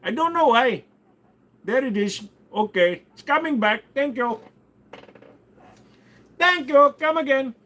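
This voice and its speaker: Guy doing a squeaky put-on accent voice, goofy and strained. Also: expressive, takes it slowly, long pauses, bright, forceful tone, exaggerated voice. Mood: silly. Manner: high, strained, silly delivery. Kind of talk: mock-accent comedy bit on a livestream.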